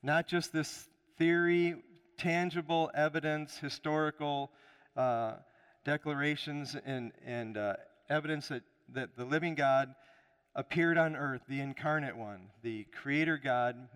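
A man's voice: medium pitch, fairly bright tone, smooth. Emphatic male pastor in a reverberant hall. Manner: preaching with emphatic rises and repeated restarts. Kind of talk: sermon.

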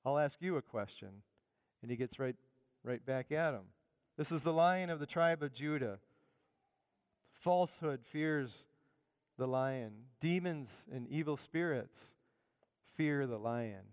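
A middle-aged male pastor preaching a sermon with fervent emphasis, easing into quiet personal asides. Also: medium pitch, slow pace, long pauses, clean tone, no room sound, big-room sound.

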